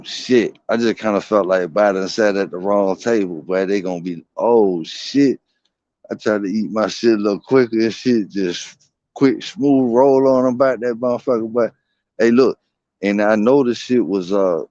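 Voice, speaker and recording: A man with a very deep voice tells a long story in loose, slangy talk full of cursing. He rambles and circles back as he goes. The audio is dry and dull, like a basic home stream setup. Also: darkish tone, dry recording. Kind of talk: casual storytelling.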